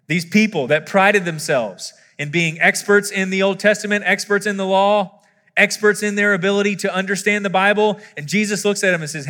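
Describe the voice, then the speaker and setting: A man preaching a sermon as a pastor, animated and building to emphatic peaks, with some scripture read aloud. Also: sits high, normal speed. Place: church auditorium. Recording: long hall reverb.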